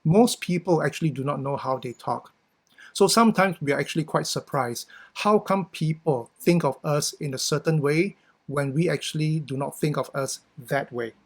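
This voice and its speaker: A man's voice: fairly high pitch, normal speed. A middle-aged man with a Singaporean English accent, giving a conversational workshop talk with frequent "you know" and "right?". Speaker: workshop speaker. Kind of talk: talk on communication.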